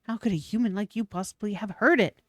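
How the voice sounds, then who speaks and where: A woman's voice: mid-range voice, fast talker, no echo, clean studio sound, voice pushed down, close to an everyday voice. A woman reading a fanatical cult priestess's game lines aloud in a pompous, theatrical voice. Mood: indignant.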